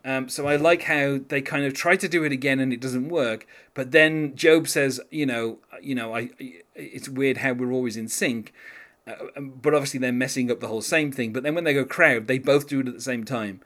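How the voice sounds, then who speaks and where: A man's voice: mid-range voice, steady tone, a little fast, fairly bright tone. A man talking casually as a podcast co-host, rambling with lots of fillers and restarts and laughing now and then. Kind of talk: casual chat.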